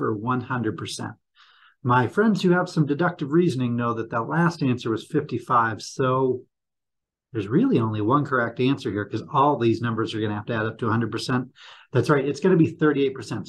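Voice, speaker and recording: A husky man speaks to students over the school announcements, posing quiz questions and walking through the answers. His voice is slightly rough, and his pitch sits in an ordinary middle range. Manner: upbeat, quizzing the audience with questions. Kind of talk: morning announcement lesson for students.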